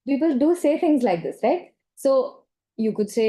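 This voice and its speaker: A woman's voice: high voice, big pitch swings, moderate pace, mellow. A woman lecturing in a training session, explaining with examples and acting out short lines, often checking in with "okay?" and "right?".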